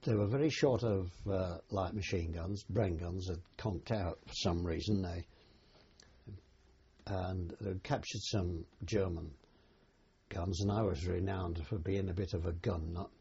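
Deep, warm and husky with vocal fry, the voice belongs to an older man who served in a war. He recounts those years plainly and without hurry, hesitating often, in an oral-history style. The audio is dull and lo-fi.

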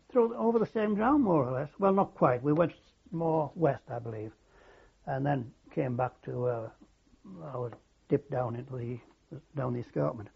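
An older man recalling his wartime service in an oral history interview, halting and reflective, with many fillers and restarts. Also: fairly high pitch, creaky, slightly rough. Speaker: war veteran interviewee. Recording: dull lo-fi recording.

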